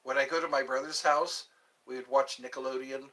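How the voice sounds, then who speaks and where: A man's voice: mid-range voice, steady tone, fairly quick, pushed and bright. A man hosting a casual livestream, answering viewer questions in a rambling, jokey way. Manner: rambling and jokey, drifting between topics. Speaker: livestream host.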